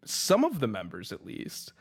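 A man's voice: medium pitch, wildly swooping pitch, normal speed, gravelly, husky. A man co-hosting a talk radio show, chatting casually and poking fun at himself. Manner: conversational, self-deprecating. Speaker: radio co-host.

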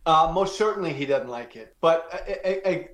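A man's voice: a little high, lively intonation, moderate pace, echoey room. A male political guest from Illinois giving blunt, emphatic commentary. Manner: blunt, emphatic, repeated uhs.

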